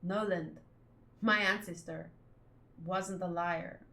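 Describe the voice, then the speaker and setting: A woman doing a gruff, proud adventurer man. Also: on the low side, fairly even intonation, slow, pushed and bright, voice pushed down, exaggerated voice. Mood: moved, solemn. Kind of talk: manga read-along voice acting.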